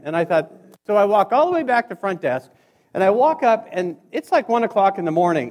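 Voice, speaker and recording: A man giving a humorous motivational speech, acting out dialogue as he tells his stories. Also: high-pitched. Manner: animated storyteller acting out dialogue. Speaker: keynote speaker. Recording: hall reverb.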